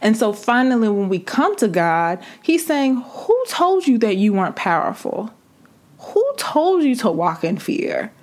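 A woman's voice: on the high side, sing-song, unhurried, darkish tone. A woman preaching a sermon, building fervor through repeated rhetorical questions. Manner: impassioned, repetitive rhetorical questions.

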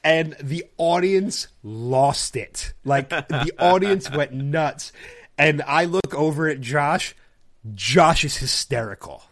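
A man's voice: on the high side, lively intonation, takes it slowly, fairly bright tone. A man hosting a podcast, casually telling a long anecdote and acting out other people's lines. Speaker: podcast host. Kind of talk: casual storytelling chat.

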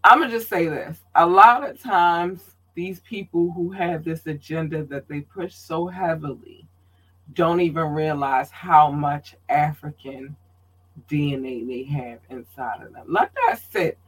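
A man's voice: fairly high pitch, a little slow, fairly bright tone, husky. A man from Baltimore hosting his own podcast in loose, casual chat, full of ums and slang asides. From Baltimore, Maryland. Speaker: podcast host.

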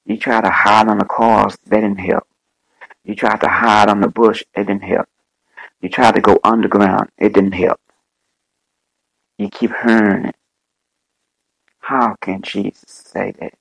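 A man preaching a fervent sermon, with slow, drawn-out phrasing and dramatic repetition. His voice is gravelly and husky. The sound is dry and close. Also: on the low side, flat delivery, a bit bright, no room sound, poor audio. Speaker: bishop and podcast host.

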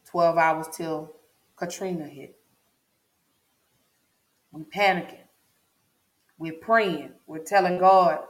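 A woman recounts a personal story straight to camera, her voice sitting low and deliberate. She leans on repetition for emphasis, and the recording carries a noticeable room echo. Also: fairly even intonation. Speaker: vlogger. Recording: echoey room.

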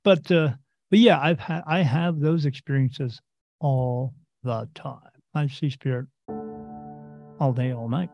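A man's voice: medium pitch, takes it slowly, no echo. A man, a host and medium, telling a casual story in a rambling way and acting out what others said. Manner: rambling, acts out quoted voices. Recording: dull, dry lo-fi recording.

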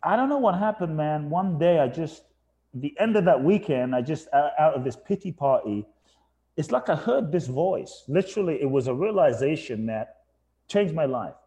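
An English podcast guest with a rather high, expressive, warm voice shares his life story at a moderate pace. Earnest and emphatic, he reflects on his past and frequently repeats phrases for emphasis.

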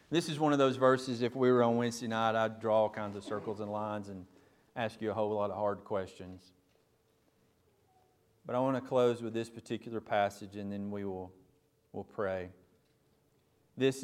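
A male pastor preaching a sermon, speaking directly to the congregation and building from quiet teaching to loud, emphatic preaching. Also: mid-range voice.

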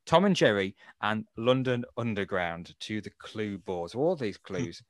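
A man's voice: on the low side, a little slow, dry recording. Guy hosting a quiz podcast, voice jumps all over, dry close mic. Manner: lively, announcing rules with playful asides. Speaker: quiz host.

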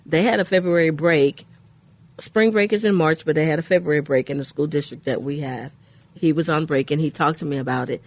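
A woman co-hosting a faith-based radio talk show, telling a personal story in an earnest way with pauses. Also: low-pitched.

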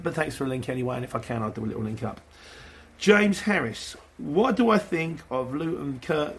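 This delivery van driver's voice is highish and a little bright, with slight background noise. He chats loosely with viewers in his vlog, answering their questions and acting out customer exchanges.

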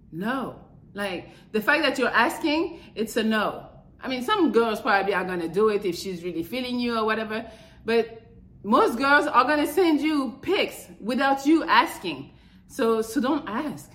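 A woman hosting a podcast, giving blunt, profane dating advice in a casual, animated monologue. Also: on the high side, moderate pace. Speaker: podcast host. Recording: echoey room.

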